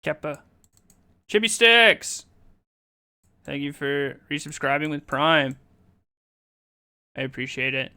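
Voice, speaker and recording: A male streamer answering his chat while playing a card game, quick and argumentative. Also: medium pitch, little pitch movement, bright, forceful tone, clear, resonant tone.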